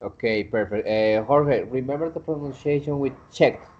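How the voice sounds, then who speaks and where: A man's voice: medium pitch, moderate pace. Guy teaching english online, patient, lots of uhs, kinda muffled lo-fi sound. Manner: patient, corrective, frequent hesitations. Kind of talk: online class instruction.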